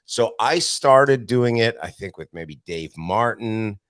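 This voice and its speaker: A low-pitched man from Canada, a comedian guest who rattles off profane backstage stories and slips into quoted voices. His voice sits deep and dry, recorded close with no room around it. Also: lively intonation, slow pace, a bit bright, no room sound. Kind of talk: casual storytelling interview.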